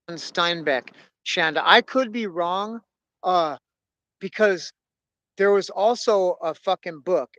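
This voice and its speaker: A man's voice: high-pitched, fairly bright tone, no room sound. Rambling, profane man telling a story. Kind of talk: casual monologue.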